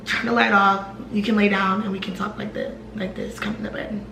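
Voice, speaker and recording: A woman's voice: mid-range voice, little pitch movement, normal speed, fairly bright tone, roomy sound, a little hiss or hum, close to an everyday voice, rough recording. A woman voicing a rude, dismissive young man who snaps from bed in a storytime retelling. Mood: curt.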